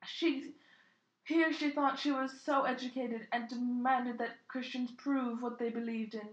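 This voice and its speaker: A woman's voice: fairly high pitch, fairly even intonation, measured pace, echoey room, highs cut off. A young woman reading fan fiction aloud in a mock-earnest, dramatic comic tone. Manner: mock-earnest, putting on voices for quotes.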